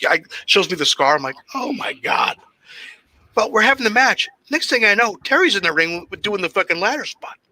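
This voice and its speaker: A man with a very bright, sharp tone tells old stories in a loose, profane way. His pitch sits high and leaps around as he acts out quotes and laughs. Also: fast talker, hardly any pauses, dry recording, poor audio. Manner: animated, swearing, acts out quotes with big laughs. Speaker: guest wrestler. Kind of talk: casual shoot interview storytelling.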